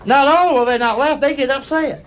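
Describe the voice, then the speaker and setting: Folksy comedian on stage. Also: male voice, very high voice, brisk. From United States. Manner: folksy drawl, punchy delivery. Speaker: stand-up comedian. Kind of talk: storytelling stand-up. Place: live comedy stage before a laughing audience. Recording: live show with loud crowd and noise.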